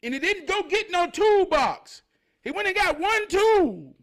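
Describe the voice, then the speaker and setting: A man gives a motivational monologue, telling stories and preaching, sometimes loud, sometimes low. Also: big pitch swings, a little slow. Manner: preachy, storytelling, swings from loud to near-murmur. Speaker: motivational speaker.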